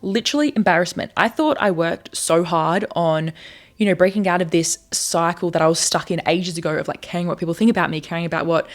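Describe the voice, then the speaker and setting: A young woman in her twenties speaks quickly and earnestly straight to camera. Her pitch sits a little low for a woman, and she rambles and restarts as she thinks aloud in a candid confessional vlog. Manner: earnest, rambling, self-reflective. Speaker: content creator.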